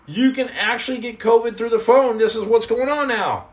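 High-voiced man joking with live viewers. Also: normal speed. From United States. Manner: joking, sarcastic, talks straight to viewers. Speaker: podcast host. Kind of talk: casual live-stream chat reading comments.

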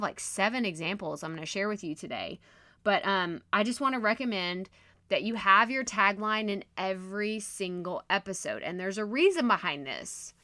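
A woman hosting her own podcast, teaching in a chatty, animated, self-deprecating way, with her voice strained and going hoarse. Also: mid-range voice, no room sound, clean studio sound. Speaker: podcast host and coach. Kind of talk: casual solo podcast teaching.

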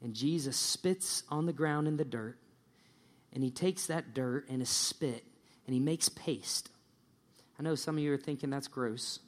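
A pastor preaching a sermon, telling a story in a lively way and acting out the people in it. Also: male voice, medium pitch, a little slow. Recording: long church-hall reverb.

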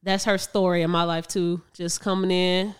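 A woman hosting a podcast, chatting casually and relaxed with frequent affirming backchannels. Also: lowish voice, moderate pace, clear, resonant tone. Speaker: podcast host. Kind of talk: casual interview chat.

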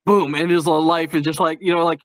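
Guy telling dark funny stories on a podcast, a bit high, laughs a lot, dry close mic. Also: steady tone, fast talker, dry recording. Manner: candid, darkly humorous storytelling with frequent laughs. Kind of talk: casual chat.

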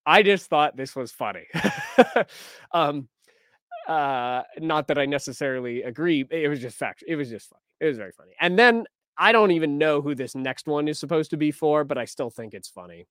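A man's voice: on the high side, lively intonation, normal speed, fairly bright tone, no room sound, studio quality. A man hosting a news podcast, talking casually and wryly as he reads and reacts to headlines and posts. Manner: conversational, wry, reads quotes aloud.

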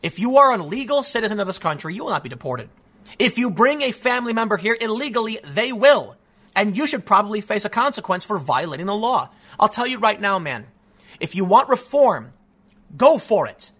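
A man's voice: sits high, very animated, brisk, fairly bright tone, slightly rough. A man giving emphatic, argumentative political commentary, often restarting sentences and calling the listener "man". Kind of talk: opinion commentary reacting to news.

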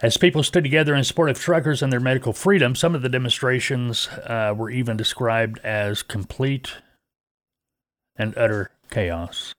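Male podcast host, folksy rambling delivery, mid-pitched, dry close sound. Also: moderate pace, a bit bright, no room sound. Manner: rambling, folksy, many fillers and restarts. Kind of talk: casual podcast talk.

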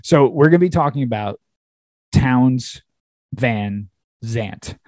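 A man's voice: medium pitch, animated, slow pace, a little mellow, no room sound. A man hosting a podcast, upbeat and chatty, laughing often. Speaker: podcast host. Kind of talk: casual podcast chat.

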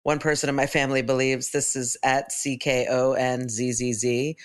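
Low-voiced woman co-hosting a podcast. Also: flat delivery, normal speed, hardly any pauses. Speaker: podcast co-host. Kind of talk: casual chat.

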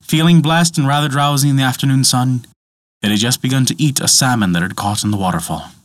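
A man narrating a myth as a storyteller, with expressive, dramatic delivery. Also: medium pitch, quick pace, no echo.

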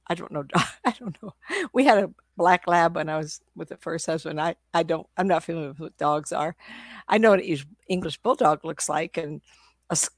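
An older woman tells lively stories as a guest on a video call from home. Her voice is a bit low for a woman and sounds dry and close to the mic. She talks in an animated, chatty way, laughs often, and keeps restarting her sentences. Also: moderate pace, no echo. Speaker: psychic medium guest. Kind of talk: casual interview storytelling.

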